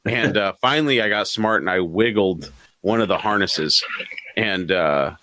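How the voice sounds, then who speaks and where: A man co-hosting a live podcast, telling a story in an animated, profane way and chuckling between phrases. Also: on the low side, measured pace. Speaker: podcast co-host.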